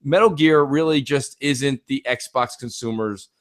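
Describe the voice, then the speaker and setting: A young American man co-hosting a casual gaming podcast, telling stories with lively acted-out quotes and plenty of swearing. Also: medium pitch, measured pace. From United States. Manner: animated storyteller, acts out friends' shouts, swears freely. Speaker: podcast co-host.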